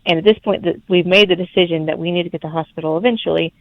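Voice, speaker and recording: A young woman, telling her birth story as a podcast guest in lively, laughing casual chat. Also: on the low side, racing, dry recording. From Alabama, USA. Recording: tinny phone-like remote line.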